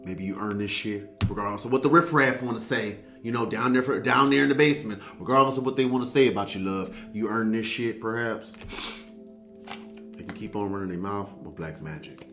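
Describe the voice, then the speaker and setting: A man's voice: on the low side, a little fast, fairly bright tone, soft background music. A man giving a casual tarot reading, talking straight to the viewer in a sassy, blunt and profane way. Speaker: tarot reader.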